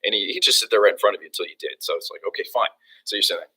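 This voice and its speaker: A young man coaching real estate agents in a lively motivational talk. His voice is bright and sharp, and he restarts sentences often with lots of ums and you-knows. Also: on the low side, very fast, slightly rough, poor audio. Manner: energetic, acts out phone calls, many fillers and restarts.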